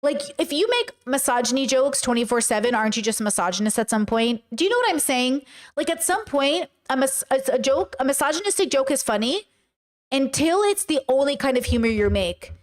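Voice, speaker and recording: High-pitched woman host; chatty commentary, lively, throws in mocking impressions. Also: brisk. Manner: animated, often puts on mocking voices. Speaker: podcast host reacting to a video. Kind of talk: casual commentary with live chat.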